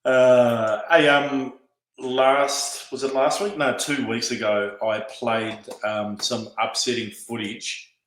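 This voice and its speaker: A man's voice: mid-range voice, fairly even intonation, slow. A man hosting a podcast, talking loosely with plenty of ums while he looks for a clip. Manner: loose, hesitant, full of ums. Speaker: podcast host. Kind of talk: casual banter. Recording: roomy echo.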